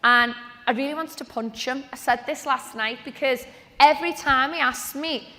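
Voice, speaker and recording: A woman, giving a lively, chatty motivational talk on stage at a business event. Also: sits high, moderate pace. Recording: long reverb of a large hall.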